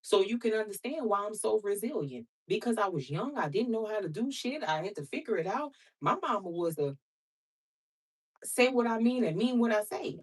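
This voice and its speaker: A woman's voice: medium pitch, animated, normal speed, husky. Outspoken woman tarot reader, plain-spoken and profane, addresses viewers like sisters, mic a little far off. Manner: blunt, outspoken and preachy, swears freely; talks to viewers as sister and baby. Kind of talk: casual vlog chat to viewers.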